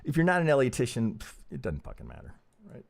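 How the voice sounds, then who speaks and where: This creaky-voiced man talks fast with huge pitch swings as he runs a laid-back trading stream, reasoning aloud, cursing often, and tossing out "right?" repeatedly. Emphasis sends his voice high, while muttering brings it down low and quiet.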